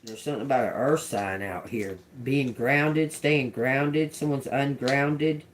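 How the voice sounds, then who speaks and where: A woman doing an intuitive tarot reading. She repeats channeled words slowly and quietly, then turns chatty when she explains them to viewers. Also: very deep voice, slight background noise. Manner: slow, murmured repetition of channeled words. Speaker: tarot reader.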